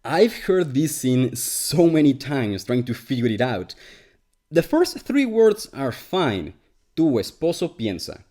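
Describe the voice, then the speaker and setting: Animated man giving sarcastic critique. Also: mid-range voice, slow pace. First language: Spanish. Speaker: video essay host. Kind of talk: scripted commentary.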